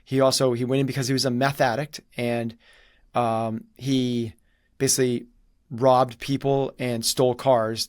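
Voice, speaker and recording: A man's voice: mid-range voice, no room sound, clean studio sound. A man telling a story in conversation, acting out quoted dialogue as he goes. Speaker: guest.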